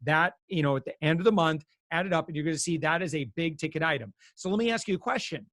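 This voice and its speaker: This animated man sits on the higher side of the usual male pitch range. He talks in a loose, chatty way full of fillers and restarts. His voice comes across very dry and close, with no sense of the room around it. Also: fast talker, dry recording. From United States. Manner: animated, many fillers, acts out quotes. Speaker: guest consumer expert. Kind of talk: casual explanatory talk.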